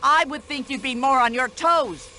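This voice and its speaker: An actress voicing a brash, nosy older American widow in a video game, speaking in an indignant, chatty American accent. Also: female voice, high voice, moderate pace, sharp tone, a little hiss or hum.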